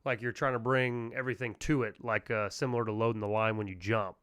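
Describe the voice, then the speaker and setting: A man's voice: mid-range voice, flat delivery, quick pace, a bit bright, clean tone, no echo, studio quality. A man hosting an interview, asking curious follow-up questions in a casual way. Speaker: interview host.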